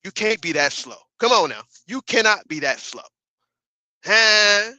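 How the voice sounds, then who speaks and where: Man ranting on a livestream, lively pitch. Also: measured pace, no echo. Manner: profane, emphatic ranting with repeated asides to viewers. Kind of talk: casual livestream commentary.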